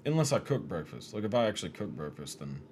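A man with a very low voice chatting casually with friends in a laid-back, joking manner and plenty of swearing. Steady background noise sits under his voice throughout. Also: quick pace. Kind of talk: casual chat.

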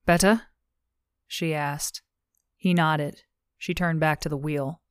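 Low, smooth-voiced woman narrating a novel. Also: little pitch movement, slow, no echo, clean studio sound. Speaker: audiobook narrator. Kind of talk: scripted audiobook narration.

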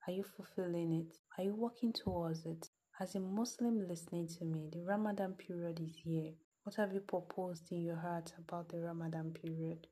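Woman host, low and husky, earnest storyteller who presses listeners with questions. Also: warm tone. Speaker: podcast host. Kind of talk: storytelling and motivational address.

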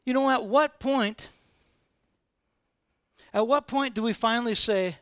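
A man preaching a sermon as informal, animated storytelling, repeating phrases for emphasis. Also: very high voice, measured pace, long pauses, clear, resonant tone, dry recording. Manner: animated, repetitive, colloquial storytelling.

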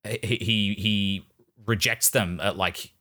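A man's voice: on the low side, fairly even intonation, takes it slowly, pushed and bright. A man in a casual film discussion, thoughtful, often repeating words as he searches for the point.

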